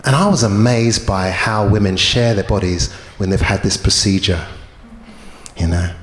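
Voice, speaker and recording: A man's voice: lowish voice, normal speed. A man in his fifties performing a stand-up comedy set, telling stories with put-on voices. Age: 50s. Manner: animated storytelling with put-on voices. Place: comedy club stage. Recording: echoey club room with crowd noise.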